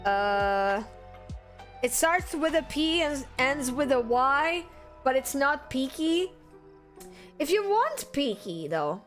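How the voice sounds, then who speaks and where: A woman streamer, chatting casually with viewers and greeting them with excited squeals. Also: slow pace, faint music behind. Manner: bubbly, greets chat with high excited squeals. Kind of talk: casual live-stream chat.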